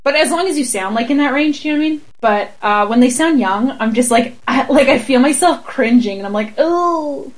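A woman with a Canadian accent, co-hosting a casual chat, giggly and animated, often slipping into mock voices. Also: sits high, fast, hardly any pauses, poor audio. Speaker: podcast co-host.

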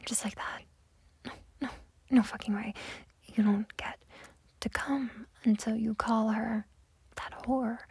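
A young woman in a whispered role-play, voicing a domineering, mocking character in a breathy close whisper that keeps repeating itself. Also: a little high, dark tone, dry recording, full character voice.

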